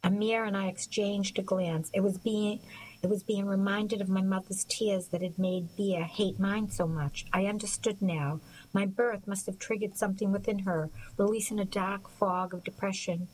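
A woman narrating an audiobook in a measured, even storytelling manner. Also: mid-range voice, low-quality recording. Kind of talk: scripted narration.

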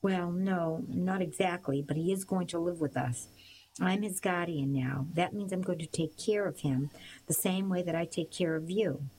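A woman voicing a gentle, patient father who explains things calmly and reassuringly. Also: lowish voice, moderate pace, a little hiss or hum, lightly acted, poor audio. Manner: calm, reassuring.

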